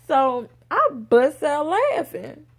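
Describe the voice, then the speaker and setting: A young woman vlogger telling a personal story in a casual, animated way, acting out the voices of others. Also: high-pitched, slow pace. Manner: animated, acts out quoted voices.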